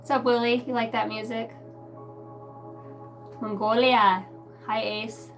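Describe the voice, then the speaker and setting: A chatty woman reading cards on a live stream, greeting viewers and musing aloud about what she senses. Her voice sits a bit high and comes from a little away from the mic. Music plays clearly behind her. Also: level tone, slow pace, recorded from a distance. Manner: clears her throat often. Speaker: tarot card reader on a live stream.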